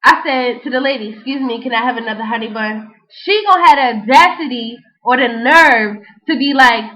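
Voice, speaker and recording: In her vlog, a young woman tells a casual, animated story full of slang and keeps dropping "you know what I'm saying," with freestyle rap in the mix. Her voice is a little high, she talks a little fast with hardly any pauses, and the lo-fi home recording sounds dull.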